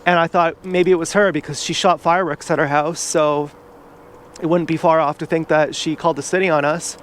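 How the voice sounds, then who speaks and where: A man's voice: a little high, fairly even intonation, fairly quick, slight background noise. A man vlogging outdoors from an e-bike, rambling in a casual monologue full of "like" and restarts.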